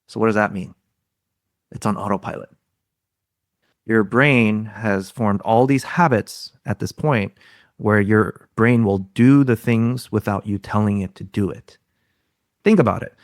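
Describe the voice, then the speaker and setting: A man's voice: fairly low pitch, unhurried, long pauses, no room sound, clean studio sound. A man, a guest expert on a podcast, explaining ideas in a teaching tone and often throwing out rhetorical questions. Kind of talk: explaining in an interview.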